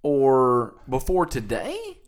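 A man's voice: mid-range voice, wildly swooping pitch, slow pace. A man from South Mississippi co-hosting a casual podcast, telling a story with a voice that rises and falls a lot. He laughs often and keeps his delivery loose and chatty. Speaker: podcast co-host.

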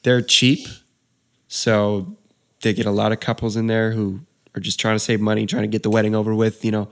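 A man's voice: lowish voice, level tone, fairly quick. A young man, a wedding DJ, telling a story in casual chat, laid-back and saying dude a lot.

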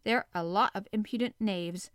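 A woman voicing a hot-tempered Canadian harpooner who shouts in indignant outbursts, in a storybook reading. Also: medium pitch, moderate pace, no room sound, clean studio sound, lightly acted. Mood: scornful.

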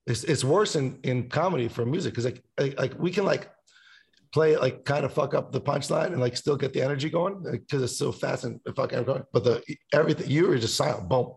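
A man's voice: mid-range voice, brisk, vocal fry, a little mellow. A man, a musician guest on a casual podcast, rambling and swearing freely as he talks about songwriting. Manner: rambling, swears a lot, sings snippets.

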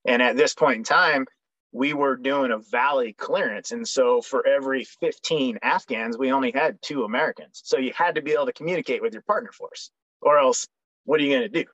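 A young man who is a military veteran speaks briskly in a mid-range, slightly bright voice during a casual storytelling interview. He's frank and jokey, with lots of ums and restarts, and the recording is dry and slightly dull.

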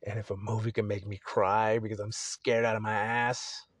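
A man's voice: lowish voice, level tone, normal speed, dry recording. A young man hosting a solo podcast, talking casually in a rambling, profane, laid-back way. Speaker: podcast host.

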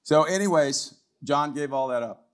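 An older man speaking as a guest at a church, telling a testimony story in a loose conversational way, often tagging his lines with "right?" and clearing his throat. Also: fairly high pitch, moderate pace. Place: church hall, live event.

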